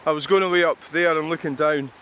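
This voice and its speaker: A man's voice: fairly high pitch, fairly even intonation, fast talker, pushed and bright, slight background noise. A Scottish man in his sixties, a vlogger, rambling through a reflective monologue with wry, self-mocking asides. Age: 60s.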